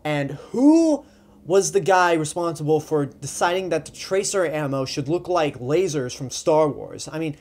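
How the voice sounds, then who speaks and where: A man's voice: on the high side, lively intonation, measured pace, darkish tone. A man giving casual, opinionated movie reviews, chatty and loose, with frequent ums and likes.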